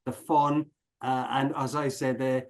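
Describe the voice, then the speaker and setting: A man's voice: medium pitch, little pitch movement, measured pace, low-quality recording. A middle-aged Irish man telling stories in an interview, hesitant, with many fillers and restarts. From Ireland. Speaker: guest speaker. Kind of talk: conversational interview.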